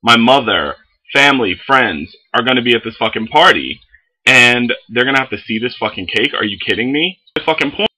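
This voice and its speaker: A young man telling a story in a casual vlog, animated and full of swearing. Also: medium pitch, a little fast, breathy edge, rough recording. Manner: animated, heavy swearing, lots of fillers. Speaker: vlogger.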